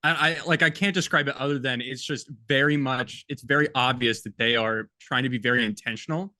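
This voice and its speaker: A man co-hosts a casual film-review podcast, chatting and joking and reading quotes aloud. His voice is medium-pitched with a sharp tone, and he talks fairly quickly on a recording with no echo.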